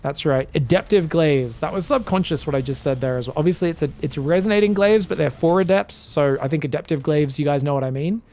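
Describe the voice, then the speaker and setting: Man, esports caster, solo play-by-play, excitable, chatty asides to viewers. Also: fairly high pitch, a little fast, few pauses, a little hiss or hum. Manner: excitable, shouting reactions to plays. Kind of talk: solo game commentary.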